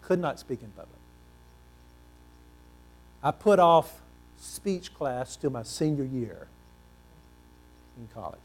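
A male pastor preaching a sermon, animated and asking the congregation questions, swinging between loud and hushed delivery. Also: mid-range voice, takes it slowly, long pauses. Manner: repeats words for emphasis, asks the congregation questions.

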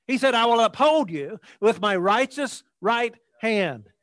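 Preaching emphatically in a high, expressive, fairly bright voice, this man stretches scripture verses out slowly and repeats himself. He calls on the congregation to answer back and speak with him, captured in a dry, close recording without room sound.

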